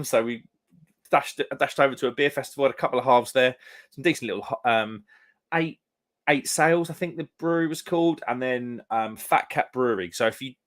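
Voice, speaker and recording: A man's voice: medium pitch, fairly bright tone. A young man from England hosting a live stream, chatting casually and reading out comments, with a rambling manner full of "mate" and "um".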